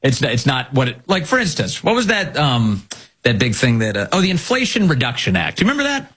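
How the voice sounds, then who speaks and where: A man's voice: mid-range voice, huge pitch swings, brisk, fairly bright tone, husky. A man giving casual, mocking political commentary, laughing at his own jokes.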